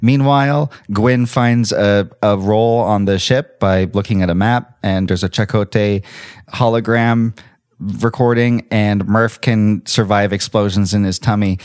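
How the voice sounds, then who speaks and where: Low-voiced man in casual podcast chat. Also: fairly even intonation, a little slow, darkish tone, clean tone, no room sound, studio quality. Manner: joking, recapping episodes in a loose rambling way. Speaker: podcast co-host.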